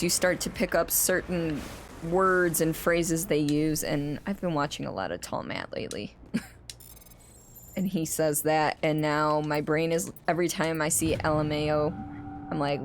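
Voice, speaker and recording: A woman with a slightly low voice streams a game and chats casually with her viewers. She rambles and restarts her sentences. Steady noise runs under her voice. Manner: rambling and chatty, with frequent restarts. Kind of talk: casual chat while playing and reading chat aloud.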